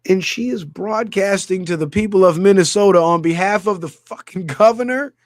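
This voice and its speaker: A man's voice: sits high, moderate pace, no echo, clean studio sound. A man hosting a ranting comedy commentary, crude and mocking, laughing at his own jokes. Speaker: channel host.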